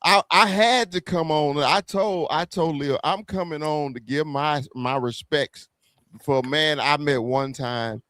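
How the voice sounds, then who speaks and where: Southern guy w a high voice, cocky sports trash talk, dry sound. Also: fairly bright tone, no room sound. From American South. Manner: brash, profane, quick to apologize. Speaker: guest on a fan call-in stream.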